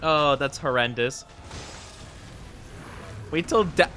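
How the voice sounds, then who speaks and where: An expressive, medium-pitched man at normal speed chats with viewers during a gaming live stream, his tone pushed and bright. Slight background noise sits under his playful, self-deprecating remarks.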